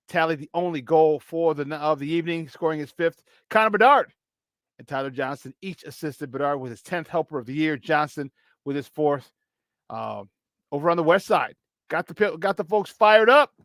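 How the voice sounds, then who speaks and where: An animated sports radio host with a fairly high voice, clearly enjoying the banter. He laughs easily and gets fired up over the game. Close, dry studio sound. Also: no room sound. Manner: animated, laughing, hype-man energy. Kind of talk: casual sports talk.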